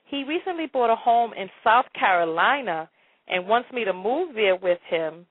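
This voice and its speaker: A woman hosts a live call-in advice show. Her voice is high and husky, and she stammers, repeats words and keeps breaking into laughter and dramatic exclamations. The sound is dry and thin, like a phone line. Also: expressive, normal speed, no room sound. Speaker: radio advice show host.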